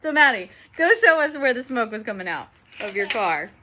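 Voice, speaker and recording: A woman's voice: fairly high pitch, very animated, brisk, sharp tone, slight background noise. A woman in her thirties telling a family story in a chatty vlog, laughing often as she talks. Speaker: vlogger and mother.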